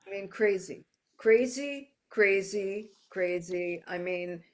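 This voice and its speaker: A woman's voice: medium pitch, lively intonation, slow pace. A woman author being interviewed, speaking emphatically and repeating words for stress. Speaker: author guest. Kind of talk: casual interview chat.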